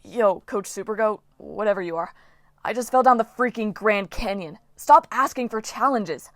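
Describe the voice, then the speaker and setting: A woman's voice: mid-range voice, expressive, normal speed, dry recording, clean studio sound, lightly acted. A woman voicing a sarcastic, scrappy teenage boy in an audiobook, sounding exasperated.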